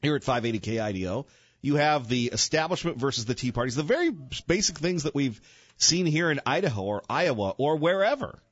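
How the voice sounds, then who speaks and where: A man's voice: a little high, lively intonation, a little fast, a bit bright, no echo, highs cut off. An older man hosting a radio show, chatting casually with jokes and rambling asides. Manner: joking, rambling, self-interrupting. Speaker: radio host. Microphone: studio microphone.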